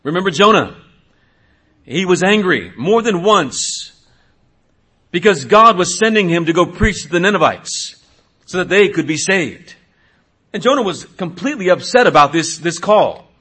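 A man's voice: sits high, expressive, moderate pace, pauses often, bright, forceful tone, breathy edge. A middle-aged man, a pastor, preaching a sermon in an earnest way, asking questions and sometimes restarting.

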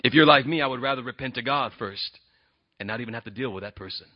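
A man preaching a sermon as pastor, earnest, moving between quiet and emphatic delivery. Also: mid-range voice, fast talker. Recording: dull lo-fi sound.

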